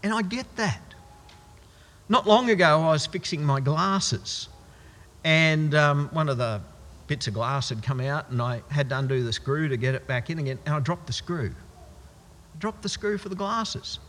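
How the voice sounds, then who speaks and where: A man's voice: a little high, moderate pace, a bit bright, in a large hall. A man preaching a sermon in a conversational, wry style with exaggerated asides.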